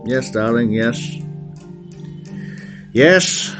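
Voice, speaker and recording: A worn-down boyfriend on the phone, played by a comic man, drags out yes after yes to placate his girlfriend. He talks very slowly, and guitar music plays clearly behind him. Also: mid-range voice, lively intonation, voice pushed down. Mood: placating. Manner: endless weary "yes" replies, placating.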